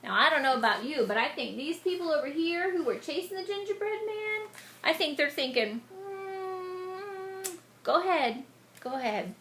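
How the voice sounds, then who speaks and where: A woman reading a picture book aloud to children, animated and stopping to explain words to them. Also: high-pitched, fairly quick, slight background noise. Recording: echoey room.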